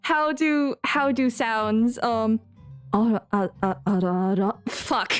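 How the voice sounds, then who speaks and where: A woman's voice: a little high, clean tone. A young woman streamer and voice actress chatting casually while playing a game, giggly and flustered, rambling. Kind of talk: casual live gameplay chat.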